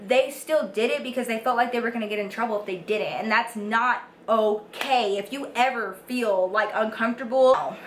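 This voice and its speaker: A woman's voice: fairly high pitch, moderate pace, few pauses. A young woman in her twenties from the United States, telling a storytime to her viewers, swearing freely and saying "like" and "you guys" a lot. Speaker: beauty vlogger. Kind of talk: storytime monologue to camera. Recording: echoey room with faint background hiss.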